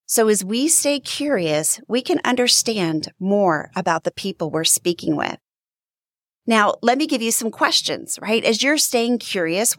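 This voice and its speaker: A woman's voice: mid-range voice, dry recording, studio quality. A woman hosting a faith-based podcast who teaches in an earnest, encouraging way and acts out sample phrases. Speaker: podcast host.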